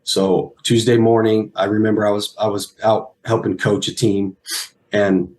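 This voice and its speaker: Man, 30s, low-pitched, interview guest, earnest, halting, emotional. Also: level tone, darkish tone. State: emotional, near tears. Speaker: guest, former pro football player. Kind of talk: emotional personal story.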